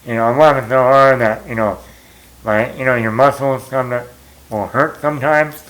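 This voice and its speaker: A man's voice: mid-range voice, fairly even intonation, normal speed, a bit bright, rough recording. A man chatting casually as a movie vlogger, telling a story in a rambling, self-mocking way with lots of fillers.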